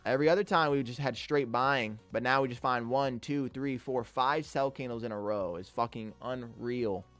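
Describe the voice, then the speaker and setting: A young man live-streaming his day trading, excitable and swearing often as he talks to his chat. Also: mid-range voice, normal speed. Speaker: livestreaming day trader. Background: faint music.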